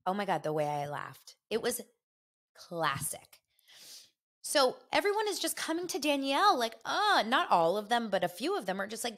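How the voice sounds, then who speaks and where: A woman hosting a podcast, gossiping in a chatty, animated and opinionated way. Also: mid-range voice, brisk. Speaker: podcast host. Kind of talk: casual gossip chat.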